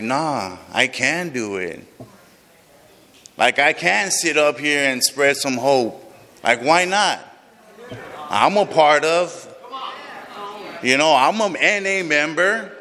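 With a fairly high, bright, forceful voice, a man opens up to a group about his recovery, emotional and unfiltered, with plenty of swearing. The recording carries the long reverb of a large hall.

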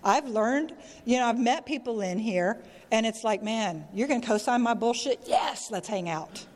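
A woman's voice: on the high side, expressive, normal speed, a little mellow. A middle-aged woman shares her story at a recovery meeting, talking candidly, swearing freely and checking in with "you know?" Her voice rings in a reverberant hall. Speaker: speaker sharing at a recovery meeting. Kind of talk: candid personal share, casual and profane.

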